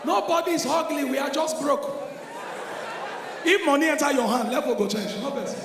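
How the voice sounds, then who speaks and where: A man with a Nigerian accent doing live stand-up comedy, telling stories loudly and with energy in Pidgin. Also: very high-pitched, normal speed. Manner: loud, animated storytelling in Pidgin. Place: large venue stage before an audience. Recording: echoey hall with crowd noise.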